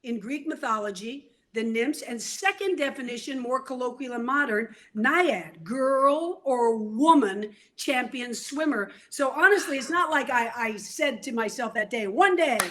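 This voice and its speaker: High-voiced, animated older woman storyteller. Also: unhurried, few pauses. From New York. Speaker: guest. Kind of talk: storytelling interview.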